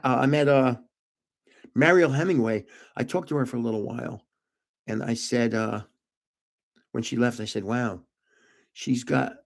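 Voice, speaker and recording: Older male host, casual rambling storyteller, mid-pitched voice. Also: vocal fry, a little mellow. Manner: rambling anecdotal, chuckles at own jokes. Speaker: channel host.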